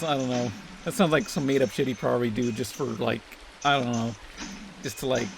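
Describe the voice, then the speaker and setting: A man's voice: mid-range voice, slight background noise. A young man giving crude, sarcastic, constantly swearing commentary while playing a video game. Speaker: let's play host. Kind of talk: profane gameplay commentary.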